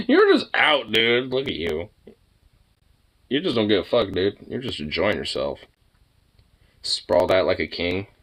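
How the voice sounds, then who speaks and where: Slow, low-voiced man rambling to his dog. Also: wildly swooping pitch, a bit bright. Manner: rambling, swears freely, baby talk to dog. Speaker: dog owner vlogger. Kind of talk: casual chat to his dog.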